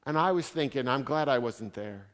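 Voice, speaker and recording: A man's voice: mid-range voice, animated, moderate pace. A man speaking as a visiting theologian, answering audience questions with stories and wry asides. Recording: reverberant hall sound.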